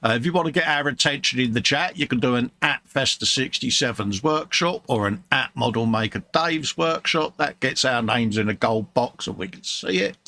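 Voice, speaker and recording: A man's voice: mid-range voice, animated, normal speed, creaky, few pauses, sharp tone. A British man hosting a casual livestream chat at his hobby bench, jokey and full of playful slang, sounding tired. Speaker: livestream host. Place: hobby workbench room.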